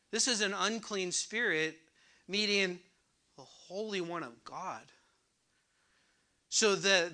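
A man's voice: high voice, sharp tone. A man preaching a sermon, asking the congregation questions and repeating words for emphasis. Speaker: pastor.

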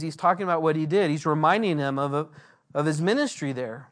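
A man, a pastor, giving a verse-by-verse Bible teaching in an earnest way, slowing down when he reads scripture aloud. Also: a little high.

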